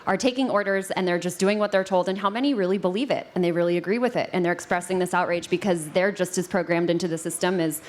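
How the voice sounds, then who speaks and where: A woman on a conference panel answering a question, thoughtful and quick. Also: fairly low pitch. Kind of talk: panel discussion. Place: conference stage.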